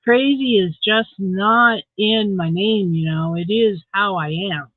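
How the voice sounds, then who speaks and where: A woman's voice: mid-range voice, slow pace, no echo. A tired woman hosting a casual livestream, chatting with viewers in a rambling, self-deprecating way. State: tired, yawning. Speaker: livestream host. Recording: tinny phone-like dry audio.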